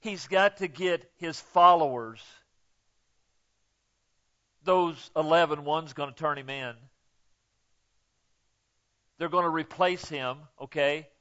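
Slow, emphatic preacher with a higher voice. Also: male voice, lo-fi sound. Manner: folksy and emphatic, punctuating with "okay?"; swings from quiet asides to loud emphatic peaks. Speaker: pastor. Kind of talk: sermon.

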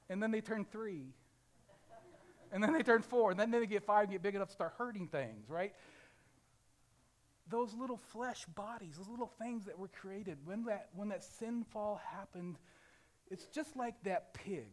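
Pastor, male, Ozarks accent, fairly high voice, lively sermon delivery that swings from loud to quiet, lots of rhetorical questions. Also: normal speed. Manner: dynamic preaching, swings from loud to hushed; asks rhetorical questions, acts out a crying baby.

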